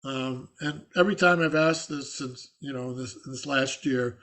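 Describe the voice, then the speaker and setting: An older man, a rabbi, teaching an adult class over a video call in a halting, scratchy voice full of restarts. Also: medium pitch, fairly bright tone. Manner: halting, with many fillers and restarts. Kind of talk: informal online lecture.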